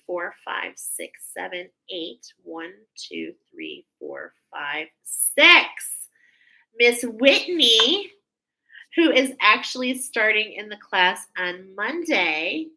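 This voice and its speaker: Bright-voiced emotional woman card reader. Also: medium pitch, poor audio. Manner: emotional, gushing, speaks in images. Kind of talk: live spiritual card reading. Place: live stream at home.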